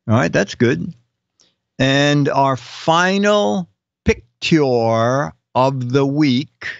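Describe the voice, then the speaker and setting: A man's voice: mid-range voice, expressive, drawn-out words, gravelly, dry recording, dull audio. An older man hosting a casual live show, reading viewers' joke captions aloud and chuckling between them. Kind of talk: casual comedic live-stream chat.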